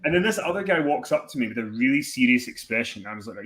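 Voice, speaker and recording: A young man, a podcast guest, telling animated, sweary stories and acting out the people in them. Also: mid-range voice, quick pace, hardly any pauses. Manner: animated, swearing, acts out the voices in his anecdotes. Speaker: podcast guest, wrestling commentator. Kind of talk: casual storytelling chat.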